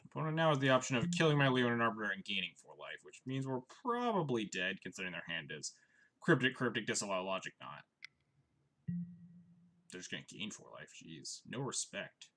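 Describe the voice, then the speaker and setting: A young man talks through his card game on stream, his low voice carrying a bright, forceful edge. His pitch swings in a lively way as he muses and grumbles wryly about each play. Mouse clicks tick in the background. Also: fairly quick, slight background noise. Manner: chatty, wry, thinks aloud. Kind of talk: casual live-stream commentary.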